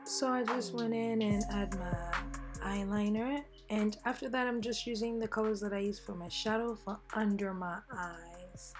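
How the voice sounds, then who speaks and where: A beauty vlogger chats her way through her makeup routine in a mid-range, fairly even voice at a moderate pace, with music playing behind her. She rambles, pokes fun at herself, and uses lots of fillers.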